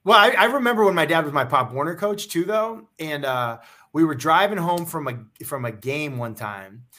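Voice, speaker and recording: A man's voice: on the high side, expressive, normal speed, bright, forceful tone. A man who is a former quarterback, a guest on a talk show, telling stories in casual chat with a lot of "like" fillers. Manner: loose storytelling, heavy with "like" fillers.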